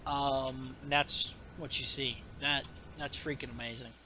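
A man's voice: mid-range voice, little pitch movement, measured pace, bright, forceful tone, slight background noise. A man hosting a podcast, recapping a comic book in casual chat with rambling asides and many fillers. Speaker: podcast host.

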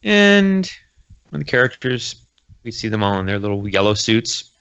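A man in a casual podcast chat, recapping a comic in a loose, rambling way. His voice sits at a middle pitch, and he keeps slipping in jokey, sarcastic asides. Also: big pitch swings, moderate pace, creaky, a bit bright, smooth, muffled recording. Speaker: podcast host.

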